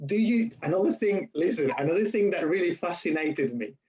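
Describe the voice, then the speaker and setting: A man's voice: high-pitched, brisk, husky. A man with a Spanish accent telling stories in a casual interview, acting out quotes and often restarting his sentences. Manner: animated storyteller, acts out quotes, laughs often, restarts and self-corrects. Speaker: university lecturer and nurse interviewee. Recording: dull lo-fi recording.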